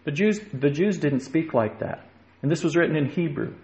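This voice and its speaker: A man's voice: fairly high pitch, normal speed, a little mellow. A man preaching a sermon, emphatic and rising in force when he quotes scripture. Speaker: pastor. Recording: echoey room.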